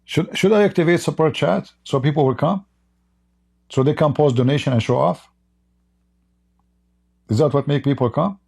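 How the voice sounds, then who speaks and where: A man with a gravelly, dark voice that he's losing hosts a live stream of religious debate commentary, speaking at a fairly high pitch. He reads each quoted passage slowly, then ridicules it.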